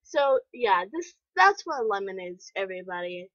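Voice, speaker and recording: A woman hosting a reaction video, talking in an excitable, apologetic way and exclaiming often. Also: mid-range voice, moderate pace, dry recording. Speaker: video host. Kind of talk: reaction commentary. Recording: dull lo-fi home recording.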